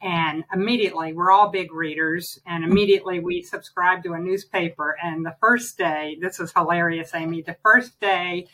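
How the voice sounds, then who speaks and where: A woman's voice: on the low side, moderate pace, hardly any pauses, rough recording. An older woman from New Jersey, an author being interviewed, telling chatty stories in a casual conversation. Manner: chatty storyteller, animated anecdotes. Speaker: author, guest.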